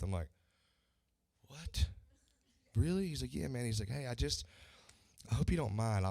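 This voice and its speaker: A man's voice: deep voice, darkish tone, dry recording. A man, a country singer, telling stories in a casual interview and acting out the voices he quotes.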